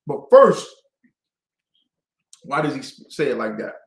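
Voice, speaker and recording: A man's voice: mid-range voice, sing-song, unhurried. A man leading a call-and-response Bible class, quizzing his students with emphatic questions. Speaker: class teacher. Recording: echoey room.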